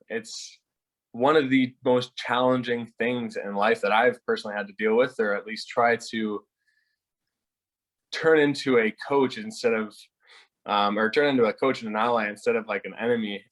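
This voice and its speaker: A young man at a mid-range pitch talks as a guest on a casual podcast. He is reflective and earnest, often pausing and restarting mid-thought. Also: fairly bright tone, poor audio. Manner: reflective, earnest, speaks in halting phrases. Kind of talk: casual conversation.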